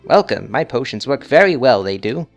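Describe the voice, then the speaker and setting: A man's voice: medium pitch, very animated, normal speed, soft background music. A man voicing an old potion-selling hag woman in an old-time 1950s announcer manner. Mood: cheery.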